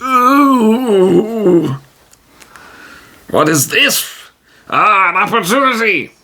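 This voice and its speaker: A pompous, self-proclaimed hero, as a man puts him on for a solo tabletop game. He declaims grandly in a raised, theatrical voice and brags about being fit and strong. His speech is slow and showy. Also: high-pitched, sing-song, sharp tone, pitched above the performer's own voice, exaggerated voice. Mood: grandiose. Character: pompous, boastful male adventurer, proud of his strength.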